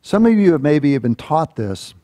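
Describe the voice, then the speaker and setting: A man preaching a sermon as a church pastor, telling a Bible story with lively acted-out voices. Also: fairly high pitch, moderate pace, no room sound. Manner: animated storytelling, acting out quoted voices.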